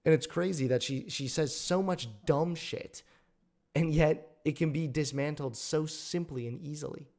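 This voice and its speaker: Young guy ranting over clips, sarcastic and blunt, a bit higher voice than most men. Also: a little slow, a little mellow. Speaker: commentary video host. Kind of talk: reaction commentary.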